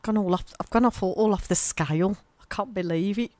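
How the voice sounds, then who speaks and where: A woman's voice: mid-range voice, brisk, darkish tone, no room sound. A woman, hosting a local radio show in a gushing, chatty, rambling way. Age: 50s. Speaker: radio presenter. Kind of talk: casual local radio chat. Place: small radio studio. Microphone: studio microphone.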